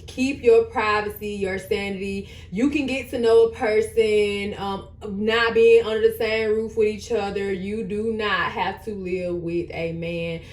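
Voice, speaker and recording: A woman's voice: mid-range voice, a little mellow. Woman, 30s, vlogger, emphatic casual advice, repeats for stress, echoey room. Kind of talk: casual advice chat while getting ready.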